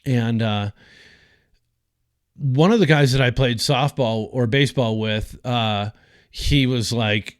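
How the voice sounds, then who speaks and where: Male podcast host, mid pitch, dry close sound, rambling and profane storyteller. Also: slow, long pauses, clear, resonant tone, dry recording. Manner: rambling, profane, full of fillers. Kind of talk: casual storytelling.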